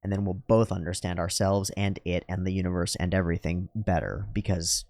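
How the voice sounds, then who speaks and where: A man rambling through a profane, philosophical monologue at home while high on drugs. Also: fairly even intonation, fairly quick, darkish tone, dry recording, studio quality. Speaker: YouTuber.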